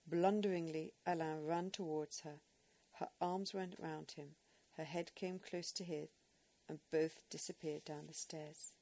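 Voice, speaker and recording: A woman narrating an audiobook in a measured, expressive way. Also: low-pitched.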